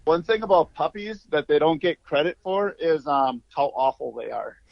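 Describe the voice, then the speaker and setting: A middle-aged man talks in a gravelly, easygoing voice, chuckling as he tells stories as a guest. His sound comes through a dull, muffled call line with a dry, close feel. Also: on the high side, normal speed, no echo. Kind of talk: casual chat.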